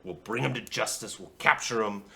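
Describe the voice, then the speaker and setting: A man putting on a flamboyant, boastful bounty guild boss in a tabletop fantasy game, pitched a little higher than plain talk with a bright, forceful edge. He is jovial and chummy, slangy and brash. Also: normal speed, gravelly, slight background noise. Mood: insistent.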